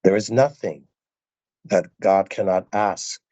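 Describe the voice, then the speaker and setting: A man's voice: low voice, slow pace, mellow, dry recording. A male preacher giving a sermon, emphatic and repeating phrases for stress.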